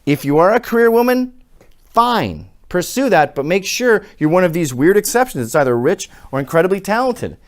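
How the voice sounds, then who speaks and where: A middle-aged man giving a sarcastic, profane opinion monologue, swinging from quiet asides to shouting. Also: sits high, big pitch swings, normal speed, dry recording, clean studio sound. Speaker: commentator.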